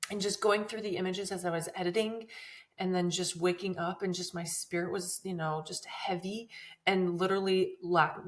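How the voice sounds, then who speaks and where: A woman in her thirties hosting a podcast, telling a personal story in an emotional, earnest way that rambles with many restarts. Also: fairly low pitch. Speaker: podcast host.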